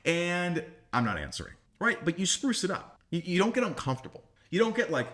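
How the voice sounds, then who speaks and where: A man's voice: a little high, sing-song, fairly quick, hardly any pauses, fairly bright tone. A man giving blunt dating advice straight to camera as a coach, swearing casually and acting out both sides of conversations. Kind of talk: direct-to-camera advice monologue.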